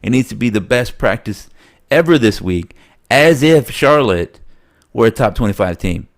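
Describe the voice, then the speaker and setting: A man co-hosting a sports podcast in casual chat, slightly nasal, rambling and animated, laughing often. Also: medium pitch, moderate pace, gravelly. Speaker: podcast co-host.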